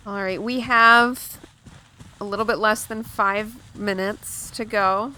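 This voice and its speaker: A woman's voice: mid-range voice, fairly even intonation, slow pace, pushed and bright. Playful woman game streamer. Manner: playful, musing aloud, repeating words to test them. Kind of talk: casual livestream chat over gameplay. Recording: game music under the voice. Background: game music.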